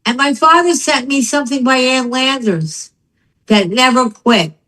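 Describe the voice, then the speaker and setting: An older woman, a business founder and guest, telling her story in an interview with emphatic, animated delivery. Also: sits high, measured pace, poor audio.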